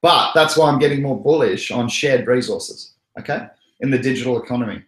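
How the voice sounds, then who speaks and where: An Australian man chats casually on a livestream, rambling from point to point and chuckling at his own jokes. His voice sits in a middle pitch. The recording has a roomy, echoey sound. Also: a little fast, a bit bright. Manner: rambling, joking, chuckles often. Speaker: crypto livestream host.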